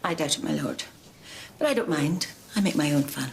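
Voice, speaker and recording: A woman's voice: deep voice, lively intonation, moderate pace, gravelly, a little hiss or hum. An actress playing a young lady's maid in a period drama, direct and matter-of-fact. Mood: plain. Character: new young English lady's maid, plain-spoken.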